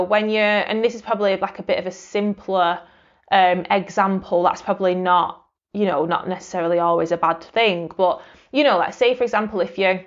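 Woman, podcast host, reflective solo monologue, casual fillers, middle pitch, dull lo-fi sound. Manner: reflective, conversational, rambling with fillers.

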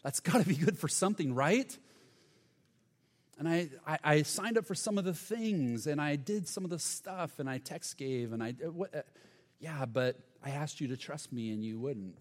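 A man's voice: mid-range voice, natural voice. A man voicing a churchgoer who pleads and stumbles over his words. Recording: long hall reverb.

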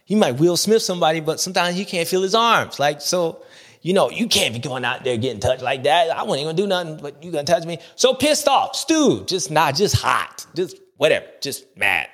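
A man's voice: a little high, sing-song, fairly quick, fairly bright tone. Playful slangy man rambling recap. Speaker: show host. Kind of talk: casual rambling recap monologue.

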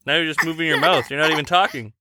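A woman's voice: low voice, racing, heavy background noise. A woman hosting a casual podcast chat with a child, speaking in a patient, coaxing, teacherly way into a desk microphone. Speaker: podcast host.

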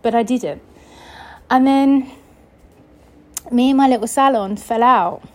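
A woman from England tells a personal story on her podcast in a chatty, casual way. Her voice sits a little on the high side. She acts out the voices of the people in her story as she goes. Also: takes it slowly, low-quality recording. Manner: chatty, acts out quoted voices, laughs often. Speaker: podcast host.

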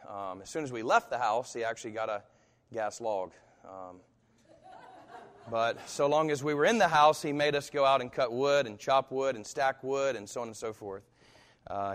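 A pastor preaching a sermon and telling a personal story with animation, acting out the voices of people in it. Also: male voice, medium pitch. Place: church. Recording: reverberant hall.

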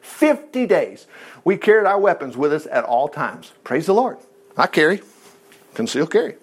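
A man preaching a sermon, retelling a Bible story in a folksy, animated way with quick asides. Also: fairly high pitch, breathy edge.

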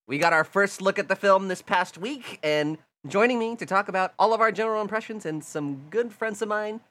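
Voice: mid-range voice, brisk, fairly bright tone. A podcast host leading a casual chat, laughing often and talking in a loose way.

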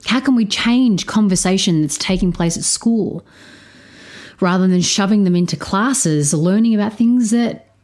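A woman's voice: medium pitch, unhurried, darkish tone. A woman hosting a solo podcast, talking frankly and emphatically about parenting, with plenty of swearing. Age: adult stepparent. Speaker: podcast host.

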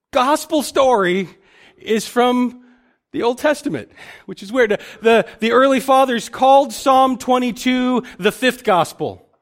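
Pastor guy preaching, kinda high voice, chatty, keeps restarting his sentences. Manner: conversational, with frequent restarts and repeated words. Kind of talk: sermon.

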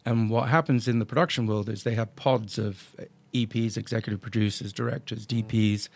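Animated man telling stories. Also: lowish voice, fairly quick, vocal fry. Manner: animated storyteller acting out quoted dialogue; salty, swears freely. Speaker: podcast guest, drone business owner. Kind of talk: casual storytelling chat.

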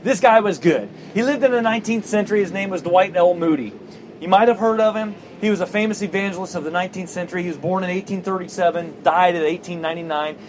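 A man preaching a sermon as pastor, telling stories with lively acted-out quotes. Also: high voice, fast talker, a little hiss or hum, poor audio. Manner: animated storytelling, acting out quoted voices.

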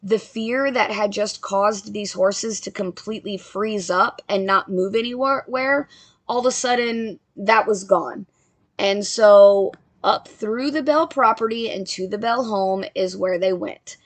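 A woman's voice: mid-range voice, a little slow. A young woman casually narrating a ghost story, with joking asides to her listeners.

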